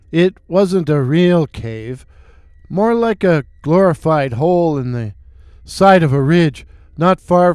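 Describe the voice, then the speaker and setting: Slow, clear-voiced man reading eerie tales. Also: a little high, no echo. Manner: dramatic, deadpan asides. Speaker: narrator. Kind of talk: reading listener stories aloud.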